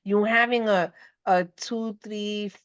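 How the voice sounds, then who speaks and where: A woman, a guest on a podcast, speaking hesitantly with many fillers, warming into enthusiasm. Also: mid-range voice, fairly even intonation, slow, smooth, no echo. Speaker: guest paranormal investigator. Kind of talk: casual podcast chat. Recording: muffled lo-fi audio.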